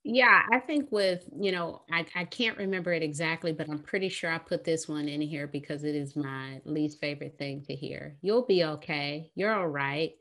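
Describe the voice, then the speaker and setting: A woman therapist with an American accent, talking on a podcast, lively and laughing often as she acts out quoted phrases. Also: sits low, normal speed, hardly any pauses. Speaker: therapist guest. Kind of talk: podcast conversation.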